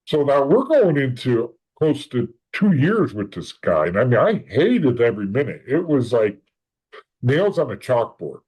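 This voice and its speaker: A man's voice: medium pitch, big pitch swings, normal speed, darkish tone, poor audio. A man, a podcast guest, telling a long first-hand story in casual conversation, rambling with restarts and acting out the lines of the people in it. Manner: rambling, acts out quoted dialogue, frequent restarts.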